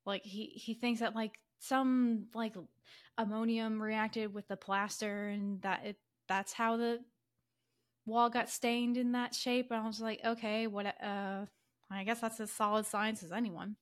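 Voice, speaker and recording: A woman podcast co-host casually retelling a story, animated and full of fillers, acting out characters' lines in quick quoted voices. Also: fairly high pitch. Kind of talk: casual chatty story summary.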